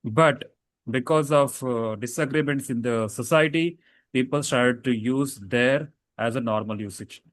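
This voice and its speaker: A man's voice: mid-range voice, measured pace, no room sound. A man teaching a casual grammar lesson, explaining rules with fillers and self-corrections.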